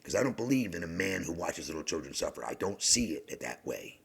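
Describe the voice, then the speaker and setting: A middle-aged man telling a long personal story in a rambling, halting way, often sinking into a hushed whisper. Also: sits low, very animated, creaky, breathy edge. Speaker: podcast host.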